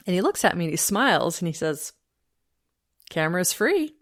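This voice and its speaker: A woman's voice: fairly low pitch, expressive, a little fast, creaky. A woman hosting her own fitness podcast, telling a story in an upbeat, chatty way with frequent fillers. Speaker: podcast host. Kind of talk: casual solo podcast talk.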